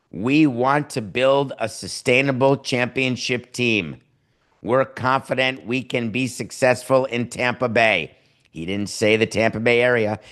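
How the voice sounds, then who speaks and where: A man's voice: mid-range voice, a bit bright. A man hosting a sports talk show from his home studio, sarcastic and mocking as he riffs on team owners. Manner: sardonic, mocking impressions of owners. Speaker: podcast host.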